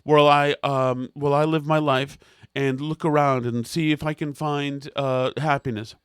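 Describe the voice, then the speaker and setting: A man's voice: on the high side, steady tone, normal speed, clear, resonant tone, no echo, studio quality, lightly acted. A man putting on a prim, posh young woman from New England who speaks in a formal, genteel way. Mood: prim, polite. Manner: formal, precise diction.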